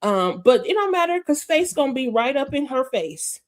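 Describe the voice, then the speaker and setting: A woman talks through a TV episode. She is animated and exclamatory, and her remarks come quick and loud. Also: high-pitched. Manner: animated, laughs easily, exclamatory. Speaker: recap co-host. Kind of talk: casual TV recap chat.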